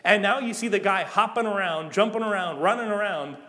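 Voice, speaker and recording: A young man preaching a sermon in a lively, conversational way, rising to emphatic peaks. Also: high-pitched, brisk. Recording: long hall reverb.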